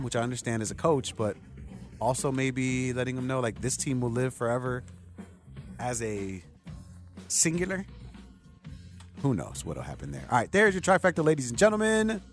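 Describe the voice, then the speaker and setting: A man's voice: medium pitch, lively intonation, moderate pace, pauses often, soft background music. Chatty sports radio host in his thirties. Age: 30s. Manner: rambling, chatty, addresses listeners directly. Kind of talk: casual sports talk monologue.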